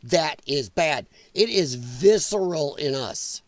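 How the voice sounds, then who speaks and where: Male livestream host, fairly high voice, profane and blunt, greets chat casually, dry room. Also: animated, takes it slowly, no room sound. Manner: chatty with viewers in chat. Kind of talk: live political commentary.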